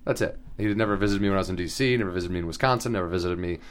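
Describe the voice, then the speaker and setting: A man's voice: low-pitched, racing, slight background noise. A man co-hosting a casual podcast, telling rambling stories and laughing often. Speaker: podcast co-host. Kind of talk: casual chat.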